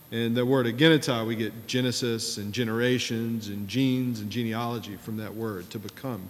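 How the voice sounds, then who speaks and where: A man in his thirties preaching a sermon in a relaxed, storytelling way, with wry asides. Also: mid-range voice, big-room sound. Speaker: pastor.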